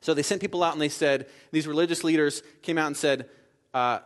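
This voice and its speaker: A man's voice: a little high, fairly even intonation, fairly quick. A man preaching a sermon in a conversational way, with frequent asides like "right?" and "okay?", acting out the quoted lines. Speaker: pastor.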